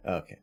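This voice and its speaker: A man hosting a live stream, chatting casually with viewers, greeting them by name and laughing often. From Canada. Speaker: livestream host.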